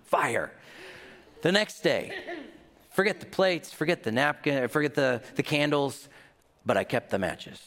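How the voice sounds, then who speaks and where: A man preaching a sermon, telling a childhood story with acted-out voices and a lively delivery. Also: fairly high pitch, unhurried, long pauses. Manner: animated storytelling with acted-out quotes. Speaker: pastor. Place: large hall. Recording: reverberant hall.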